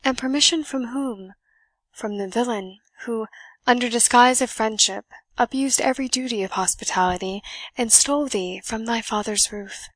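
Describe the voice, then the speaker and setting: Woman doing a serious young gentleman, solemn, bossy, dry sound. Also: on the high side, normal speed, no room sound, natural voice. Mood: indignant. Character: earnest young gentleman, stern and reproachful.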